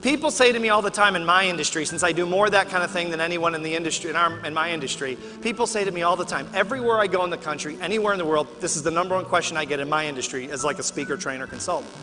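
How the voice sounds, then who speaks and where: A man delivers a motivational keynote in a large convention hall. His voice sits high for a man, and he tells stories in a lively way, acting out the lines of the people in them. A faint hum of ambience sits beneath him. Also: racing, hardly any pauses. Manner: animated, acts out dialogue in his stories. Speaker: keynote speaker.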